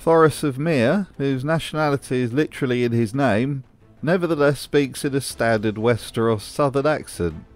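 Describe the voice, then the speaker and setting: A man's voice: mid-range voice, moderate pace, faint music behind. A man hosting a scripted commentary video, with a wry, sarcastic manner. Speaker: host.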